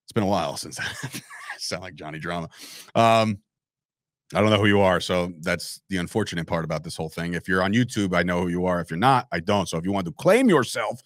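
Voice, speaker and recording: A man's voice: deep voice, fairly bright tone, no room sound, clean studio sound. A man hosting a live sports talk show, rambling through opinions, swearing freely and answering viewers in the live chat. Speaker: podcast host.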